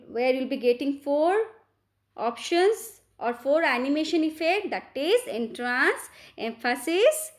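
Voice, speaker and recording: This teacher, a woman speaking Indian English in a high-pitched voice, leads students through a slide presentation. She's patient, restates her points, and often asks "right?" to confirm they're following.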